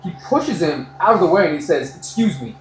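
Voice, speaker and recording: An American man chatting casually during a haircut, telling animated stories and swearing freely. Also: high-pitched, fairly quick, roomy sound, a little hiss or hum, poor audio. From United States. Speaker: customer getting a haircut. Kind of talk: casual chat, storytelling.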